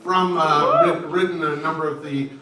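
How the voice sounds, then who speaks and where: A man's voice: a little high, fairly even intonation, normal speed. A man moderating a panel, introducing a guest in an upbeat way. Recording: distant mic in echoey hall with loud crowd.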